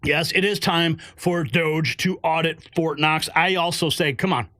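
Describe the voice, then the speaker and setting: High, bright-voiced excitable male host. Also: measured pace, no echo, clean studio sound. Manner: excitable, exclaiming and laughing. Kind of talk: animated political commentary.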